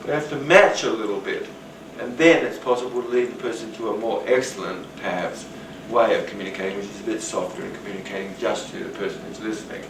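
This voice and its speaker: A man's voice: fairly low pitch, quick pace, few pauses, noisy background. Roomy distant man teaching. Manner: rambling, animated, acts out quoted voices. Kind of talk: teaching talk on rapport.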